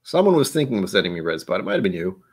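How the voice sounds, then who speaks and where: A man's voice: low voice, big pitch swings, racing, slightly rough. A man hosting a casual chat, rambling and self-mocking, who now and then slips into joke accents. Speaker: host.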